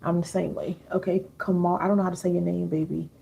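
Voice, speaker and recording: A middle-aged woman hosting a casual live stream, chatty and warm with viewers, reading their comments aloud. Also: fairly low pitch, level tone, fast, creaky, husky. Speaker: live-stream host and healing coach.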